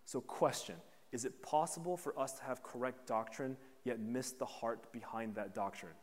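A man's voice: medium pitch, normal speed. Guy preaching a sermon, chatty, keeps saying "right?", acts out bits of the story, echo trailing off in a big hall. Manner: conversational, often asks "right?", acts out voices in the story.

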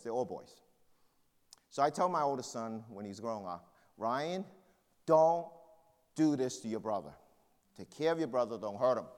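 A man's voice: lowish voice, long reverb tail. A man pastor preaching a sermon in a conversational way, telling personal stories.

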